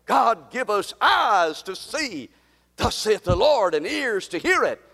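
A man preaching a sermon and leading a prayer, calling for amens and swinging between loud and soft. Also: high-pitched, sing-song, takes it slowly, gravelly, long reverb tail. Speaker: pastor. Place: church sanctuary.

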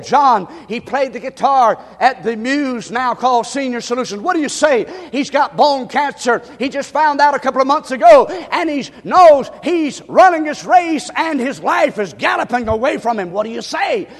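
A man preaching a sermon as pastor, repeating his points and swinging from shouts to hushed tones. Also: very high voice. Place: church sanctuary. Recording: long hall reverb.

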